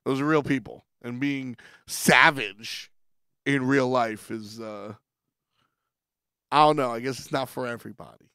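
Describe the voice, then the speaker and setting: Man with a gravelly, smooth voice, rambling. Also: medium pitch, steady tone, unhurried, pushed and bright, dry recording, studio quality. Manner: rambling, restarts often, laughs between thoughts. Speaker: stream host. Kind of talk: casual livestream chat.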